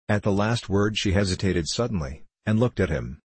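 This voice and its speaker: A man reads a classic novel aloud in a measured, even way. His voice sits low and sounds husky. The recording is dry and close, with no room sound. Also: no room sound. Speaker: audiobook narrator. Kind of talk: scripted narration.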